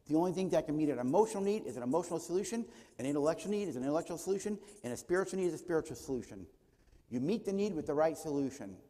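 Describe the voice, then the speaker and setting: Warm-voiced man teaching in a reverberant church. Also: a little high, lively intonation, very fast. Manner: rhetorical questions answered by himself; acts out short dialogues in his talk. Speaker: conference speaker. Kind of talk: teaching talk at a church conference. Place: church auditorium.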